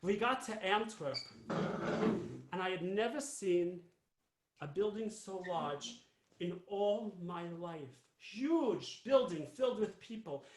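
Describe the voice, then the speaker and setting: A man's voice: high voice, expressive, slow. A man playing an elderly Jewish immigrant grandmother, a fussy, rambling storyteller who keeps repeating herself. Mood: wistful. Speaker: cantor. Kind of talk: live character monologue. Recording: roomy echo.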